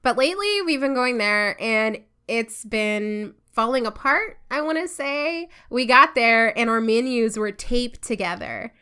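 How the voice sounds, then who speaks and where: Woman co-host, chatty storyteller, bright tone. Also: a little high, animated, unhurried, hardly any pauses, clear, resonant tone. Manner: chatty storyteller, laughs often. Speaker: podcast co-host. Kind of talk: casual chat.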